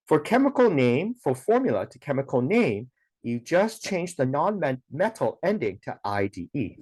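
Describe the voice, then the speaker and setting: A man's voice: fairly high pitch, darkish tone, no echo. A man teaching a science lesson, explaining step by step in a patient way, with a lot of "okay" and "now". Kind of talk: recorded classroom lesson.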